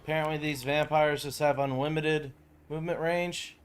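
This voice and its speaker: A man live-streaming a strategy game, chatting casually with viewers and breaking into loud, shocked exclamations. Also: a little high, fairly even intonation, moderate pace, smooth.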